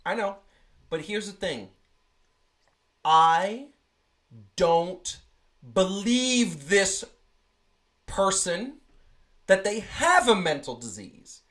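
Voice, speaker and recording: Animated co-host with a middle-range voice; rants with force and argues hard on a casual live sports stream. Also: medium pitch, extremely slow, long pauses. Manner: animated ranting, mocks people with put-on whiny quotes.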